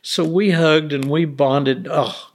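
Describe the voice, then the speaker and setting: Speaking slowly in a slightly high voice with fairly even intonation, a middle-aged father who has lost a child recounts earnest stories during a casual interview. He imitates the people he quotes as he goes.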